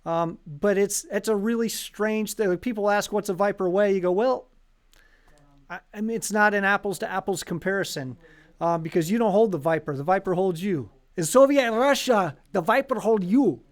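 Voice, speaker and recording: A man with a high, light voice hosts a casual live stream for a violin shop. He talks in a loose, joking way, with plenty of ums and likes. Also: a little fast. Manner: chatty, joking, lots of fillers.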